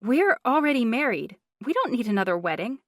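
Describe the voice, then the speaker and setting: A woman narrator voicing an eager young newlywed woman who is quick to object. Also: fairly high pitch, very animated, a bit bright, no room sound, clean studio sound, pitched above the performer's own voice.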